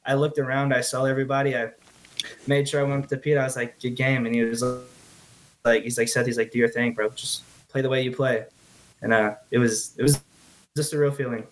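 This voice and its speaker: A teenage man answers interview questions in an earnest, halting way. He often stumbles over and repeats his words as he tells his story. His voice is mid-pitched and ordinary. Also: little pitch movement. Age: teens. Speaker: guest athlete.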